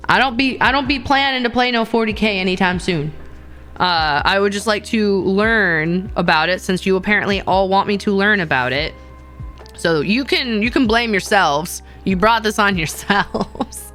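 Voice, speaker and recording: A woman's voice: medium pitch, moderate pace, a bit bright, soft background music. A woman streamer casually chatting with her viewers in a playful, rambling way, often laughing and repeating herself. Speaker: VTuber streamer.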